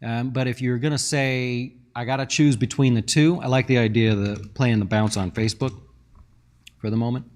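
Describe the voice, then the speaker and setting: A man's voice: mid-range voice, fairly even intonation, normal speed, a little mellow. A man hosting a casual stock market show, talking in a chatty, rambling way and answering viewer questions.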